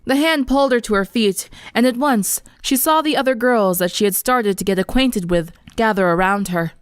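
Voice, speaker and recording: A young woman reading a fan story aloud in an earnest, expressive storybook narration. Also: on the high side, moderate pace, clean tone, dry recording, clean studio sound. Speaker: fanfiction reader.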